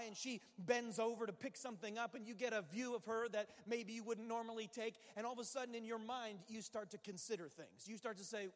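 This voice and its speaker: A man with a notably high voice preaches from the pulpit, animated and driving his points home by repetition. He slips into the inner voices of his listeners as he goes. His words carry a long, hanging reverb from a large hall. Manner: animated, acts out quoted inner voices, repeats phrases for emphasis. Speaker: pastor. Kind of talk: sermon. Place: church sanctuary.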